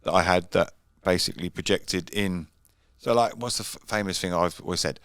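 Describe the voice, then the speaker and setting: A man's voice: deep voice, a little fast, fairly bright tone, dry recording, clean studio sound. A man in casual podcast chat, blunt and streetwise, swearing freely.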